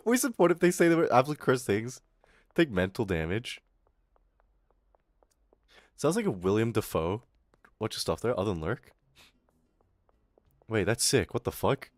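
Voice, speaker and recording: A man's voice: lowish voice, big pitch swings, moderate pace, pauses often, sharp tone, no echo. A young Australian man chatting casually on a livestream, rambling, swearing and laughing often, his throat a little irritated. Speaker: VTuber streamer.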